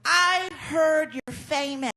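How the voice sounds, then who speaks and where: A man voicing a pushy young woman dancer with a shrill, demanding, girlish voice, performed on stage at a comedy club. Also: takes it slowly, exaggerated voice. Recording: live club set with loud crowd.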